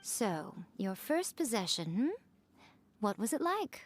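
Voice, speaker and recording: A sly teasing shrine mistress. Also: female voice, mid-range voice, sing-song, slow, slight background noise. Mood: amused. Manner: smooth, amused, teasing. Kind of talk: game voice acting.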